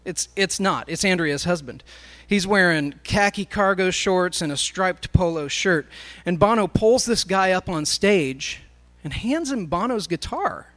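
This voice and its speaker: Man, high voice, sermon, storytelling to a live crowd. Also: expressive, a little slow, hardly any pauses, fairly bright tone. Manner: storytelling, addressing a live audience.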